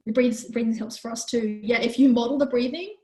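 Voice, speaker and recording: A woman hosting a live online parenting workshop who answers questions in a gentle, calm, explanatory way. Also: on the high side, a little fast, echoey room, low-quality recording. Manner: gentle, calm, explanatory, with frequent "you know".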